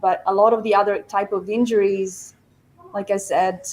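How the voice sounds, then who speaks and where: A woman from Italy, a podcast guest talking in a hesitant, halting way. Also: mid-range voice, level tone, darkish tone, slight background noise, poor audio. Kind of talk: casual chat.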